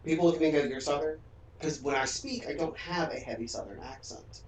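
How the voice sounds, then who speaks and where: A chatty man from Central Virginia who tells stories and jokes while he streams a game with friends. His voice sits in a middle pitch. He is heard from a distance in an echoing room with a faint hum behind. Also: expressive, quick pace. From Central Virginia, USA. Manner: chatty, storytelling, joking. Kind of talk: casual chat during a game stream.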